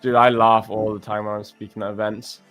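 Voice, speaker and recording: Male stream host, lower voice, loose laughing banter full of bro and mate, soft music behind. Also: monotone, a little fast. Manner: joking, laughs often, calls people bro and mate. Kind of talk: casual banter on a live stream.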